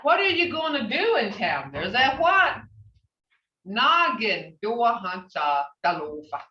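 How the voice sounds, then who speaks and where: A woman teaching a language class over a video call, patiently saying phrases slowly and repeating them for her students. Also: fairly high pitch, big pitch swings. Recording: distant, roomy, dull video-call audio.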